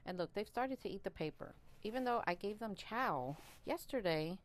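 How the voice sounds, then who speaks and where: A woman vlogging about her worms, chatty and excitable, laughing often, a little out of breath. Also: medium pitch, normal speed. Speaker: worm farmer and channel host. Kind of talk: casual chat to camera while handling worms.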